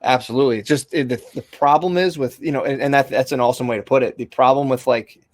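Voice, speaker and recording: A young man talks quickly on a podcast, circling his points with restarts and casual swearing. His voice sits in a middle register and is recorded close and dry, with no room sound. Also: mid-range voice, no room sound. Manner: rambling, frequent restarts and fillers, swears casually. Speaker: podcast host.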